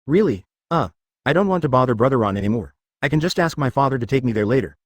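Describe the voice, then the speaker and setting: A man reading as a gentle young mermaid princess. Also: medium pitch, animated, quick pace, natural voice. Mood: grateful.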